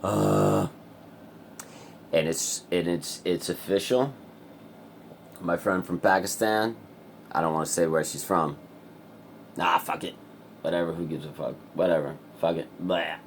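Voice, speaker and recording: A man with a very deep, low voice talks to camera in a loose, rambling vlog. He sounds wired and full of restless energy, swears constantly and keeps breaking into laughs. A faint hiss sits under his voice. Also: steady tone, measured pace, gravelly, pauses often. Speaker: vlogger.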